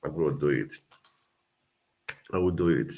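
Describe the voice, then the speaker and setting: This Nigerian livestream host has an extremely low, warm voice and talks at a moderate pace. Earnest and casual, he keeps repeating himself as he urges viewers on.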